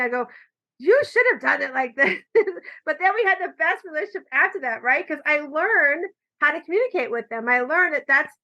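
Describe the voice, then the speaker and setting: A woman hosting a podcast, chatting casually and telling animated stories, acting out quoted lines, recorded with muffled lo-fi audio. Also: high voice, moderate pace. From California. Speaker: podcast host. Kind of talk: casual conversation. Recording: dull lo-fi audio.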